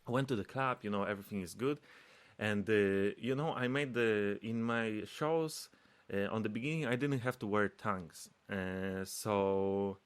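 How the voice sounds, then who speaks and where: A man's voice: fairly low pitch, a bit bright. A man speaking English as a second language, telling a story in casual podcast chat and acting out quoted dialogue in raised voices. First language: not English. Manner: searches for English words. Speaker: podcast co-host.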